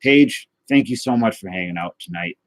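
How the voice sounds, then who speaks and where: A man's voice: lowish voice, animated, moderate pace, over loud music. A man hosting a livestream, chatting casually and rambling as he answers viewer comments with self-deprecating jokes. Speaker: livestream host of a trading card and guitar show.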